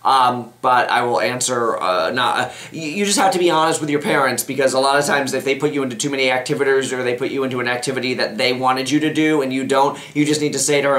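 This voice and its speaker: A man's voice: medium pitch, fast, few pauses, fairly bright tone, roomy sound. A man hosting an advice show, reading out viewer letters and answering them in a chatty, rambling way, often restarting his sentences. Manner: chatty, rambling, self-interrupting. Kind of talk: casual advice chat.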